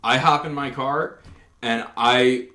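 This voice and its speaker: A man's voice: medium pitch, fairly even intonation, slow, pushed and bright, slight background noise. A man, a paranormal investigator guest, earnestly telling a story in a casual podcast chat, with frequent restarts. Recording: roomy echo.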